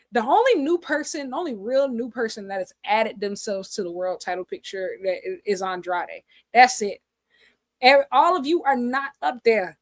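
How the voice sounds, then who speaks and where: A woman co-hosting a casual chat podcast, animated and jokey with lots of slang. Her voice sits fairly high. The sound is dry and close. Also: normal speed, dry recording. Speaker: podcast co-host.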